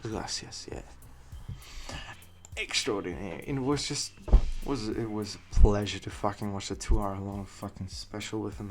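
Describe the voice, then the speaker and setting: A man's voice: lowish voice, normal speed, over music. A young man giving rambling, casual commentary on a game he is playing, swearing freely and laughing at his own jokes. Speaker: let's play gamer.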